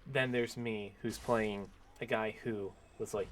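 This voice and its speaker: A man chatting while playing a game, laid-back and joking, often quiet. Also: on the low side, steady tone, a little slow, slight background noise. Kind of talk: casual chat while gaming.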